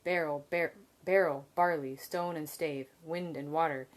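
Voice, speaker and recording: A cheeky young man with a restless, fey streak, as a woman reads him aloud. He speaks brightly and teasingly, slipping into a sing-song lilt, a touch higher than her own low voice. It has the feel of a storybook read at home. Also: fairly quick.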